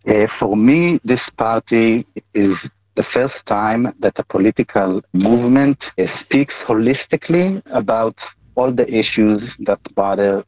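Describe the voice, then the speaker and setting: A man, a political candidate, answering interview questions earnestly and deliberately. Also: on the low side, dry recording. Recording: tinny phone line.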